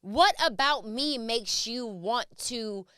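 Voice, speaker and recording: A woman's voice: a little high, slow, pushed and bright, clean tone, no room sound. A woman co-hosting a podcast in a studio, talking in casual chat and firing off emphatic, repeated questions. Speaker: podcast co-host. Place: podcast studio under hot lights.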